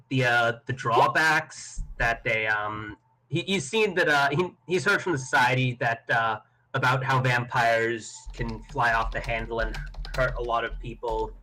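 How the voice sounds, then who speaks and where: A man taking part in a tabletop role-playing game, describing his character's moves in a hesitant, thinking-aloud way. His voice is bright and forward. He pauses often with small fillers. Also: medium pitch, rough recording. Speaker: player. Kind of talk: tabletop role-play chat.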